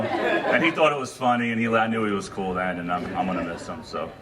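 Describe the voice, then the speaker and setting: Quick-talking man, distant, loud crowd. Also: fairly low pitch. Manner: quick, laughs while telling. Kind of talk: short memorial anecdote.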